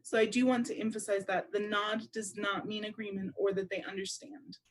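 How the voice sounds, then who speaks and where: A woman interpreting aloud for a deaf presenter at a public seminar, speaking in a measured, explanatory way. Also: mid-range voice, steady tone. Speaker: sign language interpreter voicing a deaf presenter.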